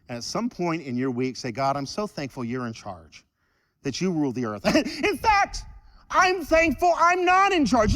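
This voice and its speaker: A man preaching a sermon in church, animated and joking with the congregation. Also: very high voice, in a large hall. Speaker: pastor.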